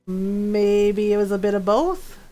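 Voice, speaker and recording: A young adult woman streaming a video game and chatting casually, telling stories with lively quoted voices and frequent giggles. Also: medium pitch, slow pace. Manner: animated storytelling, giggly, quoting people in lively voices. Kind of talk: casual gameplay stream chat.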